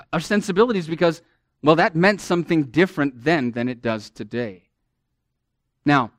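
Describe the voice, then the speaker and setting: A man preaching a sermon to women, earnest and emphatic, who speaks to them directly and swings from loud emphasis to a near-murmur. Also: on the high side, dry recording, studio quality.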